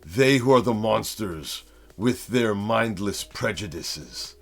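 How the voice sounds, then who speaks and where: A man's voice: lowish voice, animated, takes it slowly, gravelly, soft background music, full character voice. A man voicing a brooding young male mutant outcast, read plainly in his own voice with no accent. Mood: indignant. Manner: earnest, plain reading without accent.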